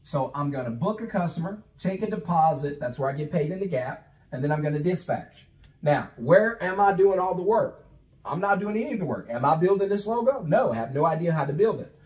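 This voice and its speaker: Higher-voiced man coaching on business. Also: expressive, brisk, a little mellow, low-quality recording. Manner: conversational, asks rhetorical questions and acts out sales calls. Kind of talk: instructional talk.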